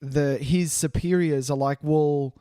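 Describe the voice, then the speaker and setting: A man co-hosting a casual film podcast, agreeable and quick to laugh. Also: on the high side, lively intonation, a little mellow, dry recording, clean studio sound. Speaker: podcast co-host. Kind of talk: casual chat about a film.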